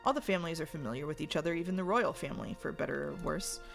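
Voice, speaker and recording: A woman voicing a proud, brooding young male hunter prince in a visual novel, talking in a gruff, defensive, commanding way. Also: deep voice, animated, racing, soft background music. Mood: wistful.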